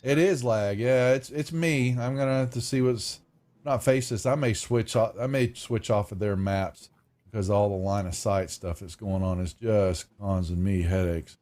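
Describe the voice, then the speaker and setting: A man's voice: fairly low pitch, steady tone, normal speed, darkish tone. A man running a tabletop game online as game master, narrating casually and often breaking off mid-sentence. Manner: rambling, self-interrupting, casual.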